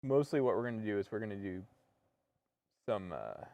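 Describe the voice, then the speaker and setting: Relaxed man teaching painting. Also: lowish voice, normal speed, gravelly, no echo. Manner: relaxed, joking, talks through each step. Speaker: painting instructor and co-host. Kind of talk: casual painting tutorial.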